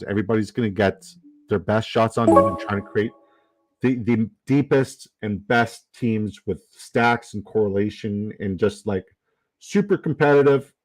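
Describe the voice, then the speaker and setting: A man's voice: on the low side, no room sound, poor audio. A man hosting a casual fantasy football draft stream, rambling with lots of fillers and reading chat comments aloud.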